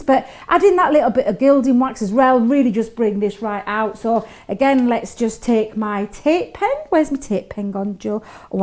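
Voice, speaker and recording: A woman chatting warmly and giggling as she demonstrates a craft technique on a live show. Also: a little high. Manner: chatty, giggly, talks to co-host while working. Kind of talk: live craft shopping demo chat.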